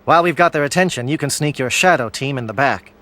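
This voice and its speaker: A man's voice: mid-range voice, quick pace, bright, forceful tone, lightly acted. A man voicing a stern alien military captain. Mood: resolute. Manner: formal, clipped military speech. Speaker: commander briefing troops. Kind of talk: video game dialogue.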